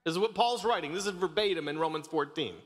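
A man's voice: on the high side, quick pace, big-room sound. A man from Canada in his thirties preaching a casual, joking sermon, often stumbling and restarting his sentences. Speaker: pastor. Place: church sanctuary.

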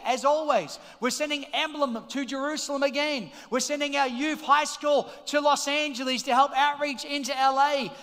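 Middle-aged male pastor, high bright voice, rousing sermon in a reverberant church hall. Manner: energetic, shouting calls to the congregation. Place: large church auditorium.

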